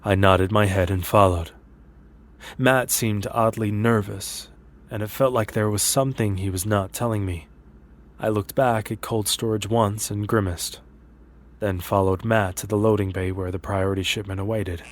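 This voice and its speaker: A man with a low voice narrates a scripted first-person horror story. He keeps a measured, steady delivery and moves through the tense scenes at a sober, deliberate pace.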